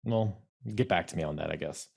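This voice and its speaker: A man's voice: deep voice, fairly quick, gravelly, darkish tone, slightly rough. A man co-hosting a podcast in casual chat, rambling and correcting himself as he goes. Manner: rambling, self-correcting, gestures while talking. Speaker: podcast co-host. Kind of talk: casual chat recapping wrestling.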